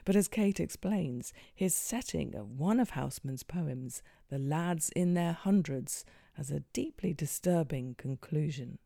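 A presenter reading a measured, formal scripted narration. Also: medium pitch, expressive, creaky, dark tone, dry recording, studio quality.

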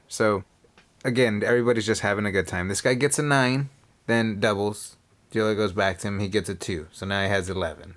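A man with a fairly low voice, co-hosting a casual podcast. He tells stories with a lot of energy, acts out what everyone said, and swears offhandedly. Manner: animated storyteller, acts out quotes, swears casually. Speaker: podcast co-host. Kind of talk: casual storytelling chat.

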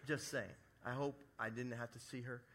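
A man's voice: medium pitch, steady tone, moderate pace, noisy background. A middle-aged male pastor preaching a sermon to a church congregation, telling a story with jokey asides. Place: church service before a congregation.

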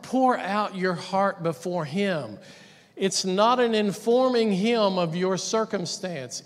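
High-voiced man preaching in a hall. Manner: conversational preaching with asides and humor. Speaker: pastor. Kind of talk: sermon.

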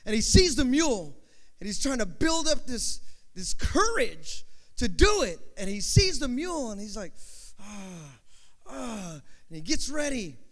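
A man preaching a sermon, telling an animated story with lots of fillers. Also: extremely high pitch, moderate pace. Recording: long hall reverb.

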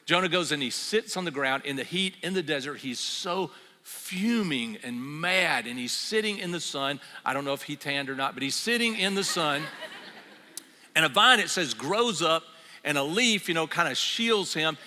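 A middle-aged man preaching a sermon as pastor, telling a story in an animated way and acting out its voices. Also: on the high side, moderate pace. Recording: long reverb of a hall.

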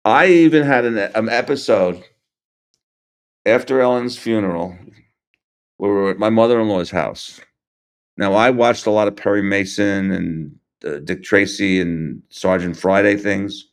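Older guy, lowish voice, stops and restarts a lot, earnest, telling what happened. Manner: halting, restarts and trails off, earnest. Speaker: interview guest, grieving father. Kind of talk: recounting events in an interview.

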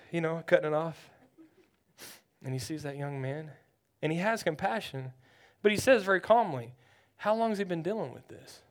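A male pastor preaching a sermon. He swings from loud urgency to hushed storytelling, often repeating words as he builds. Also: on the high side.

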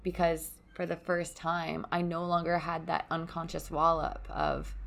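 A young woman hosting a podcast from home, speaking softly in a reflective, confessional solo monologue. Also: fairly low pitch, little pitch movement, a little slow, vocal fry, hardly any pauses. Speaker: podcast host. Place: at home by a window onto a yard.

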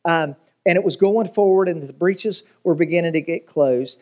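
A man's voice: fairly high pitch, moderate pace, darkish tone, dull audio. A man preaching a sermon as pastor, telling jokes and stories and asking the congregation rhetorical questions.

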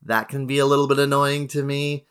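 A Canadian man co-hosting a podcast, chatting in a relaxed, rambling way with many fillers. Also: medium pitch, a little fast, clean tone. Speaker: podcast co-host. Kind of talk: casual podcast chat.

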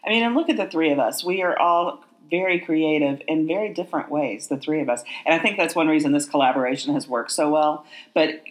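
A woman's voice: low-pitched, fairly quick. A woman in her fifties co-hosting a podcast, chatting in an upbeat, encouraging way. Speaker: podcast co-host. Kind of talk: casual chat.

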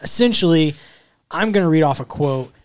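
A man's voice: on the high side, expressive, normal speed, no room sound. A young man hosting a casual chat, upbeat and joking, laughing often. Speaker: podcast host.

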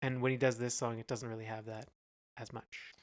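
Californian man, smooth resonant voice, middle pitch, hesitant, dry humor, music podcast chat. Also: little pitch movement, a little fast. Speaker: podcast co-host. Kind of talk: casual music review chat.

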